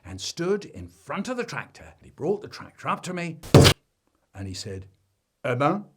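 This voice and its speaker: A man telling a comic family story in an animated storytelling manner, his delivery chopped up by remix edits. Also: normal speed, heavy background noise. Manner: animated storytelling with big swings in pitch and volume.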